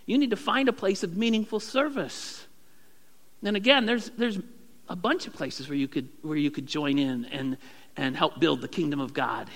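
A male pastor preaching a sermon, acting out prayers in a raised, animated voice. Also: fairly high pitch, moderate pace, big-room sound.

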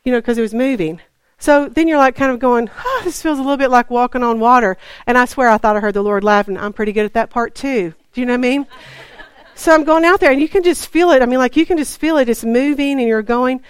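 A woman preacher shares a personal story in a loose, conversational sermon. She slips in and out of acting her dialogue with God. Her voice sits a little high, and the sound is dry and close. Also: fast, clean tone, dry recording. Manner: chatty, acts out dialogue with God.

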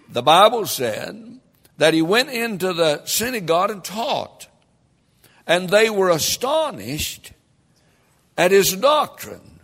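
A man preaching a sermon as pastor, reading scripture and building emphatically to loud peaks. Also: on the high side. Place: church sanctuary. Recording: long hall reverb.

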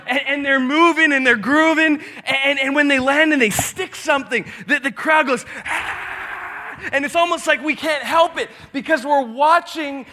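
A male pastor delivers an animated, breathless sermon in a high, bright voice. He breaks into shouts now and then. The church hall adds a long reverb. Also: moderate pace, few pauses.

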